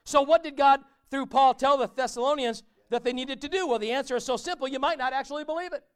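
A pastor with a very high voice talks fast, preaching a conversational sermon in a church. He often poses questions to his listeners.

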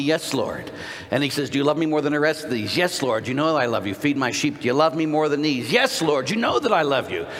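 Male priest, mid-pitch voice, punchy conversational sermon, big hall reverb. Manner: animated, conversational preaching with rhetorical questions. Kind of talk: sermon to a men's conference.

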